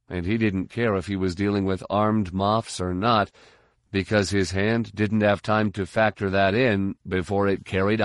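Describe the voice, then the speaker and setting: A man reading an audiobook in measured, even scripted narration. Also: fairly low pitch, no room sound, clean studio sound.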